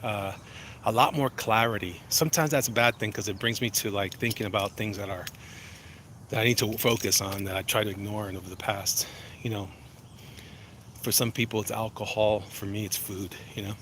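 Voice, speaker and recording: A man's voice: fairly low pitch, steady tone, fairly quick, fairly bright tone, slight background noise, low-quality recording. A man chatting casually on a walking livestream, reading out chat messages, rambling and joking with frequent restarts. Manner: rambling, self-interrupting, jokey. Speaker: vlogger reading live chat. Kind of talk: casual walk-and-talk livestream. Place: outdoors walking.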